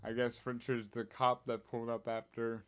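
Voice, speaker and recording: A man's voice: medium pitch, monotone, normal speed. An American man co-hosting a music reaction video, chatting casually with wry, sarcastic asides. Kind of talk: casual chat.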